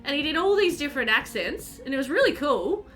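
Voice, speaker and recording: Aussie girl streaming a game, high bright voice, chatty and giggly, faint music behind. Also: big pitch swings, fairly quick. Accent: South Australian. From Australia. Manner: chatty, reads chat aloud, laughs often. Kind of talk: casual live-stream chat.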